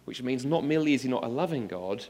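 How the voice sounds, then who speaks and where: A preacher with an expressive, medium-pitched, somewhat dark voice talks fast in an earnest apologetics talk to an audience of students. He addresses them directly, uses examples, and builds to emphatic exclamations.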